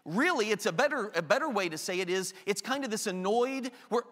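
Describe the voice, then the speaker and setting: A man preaching a sermon to his congregation, animated and acting out the lines he quotes. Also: high voice, fairly quick. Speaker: pastor. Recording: reverberant hall.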